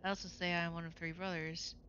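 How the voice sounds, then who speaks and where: A sly tree spirit, as a woman reads it out, lies in stiff old-fashioned phrasing through a low, bright-edged voice. The sound is dull and lo-fi with a faint hiss behind. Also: quick pace. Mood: guarded. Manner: old-fashioned formal speech, calm. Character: sly lying tree posing as a man.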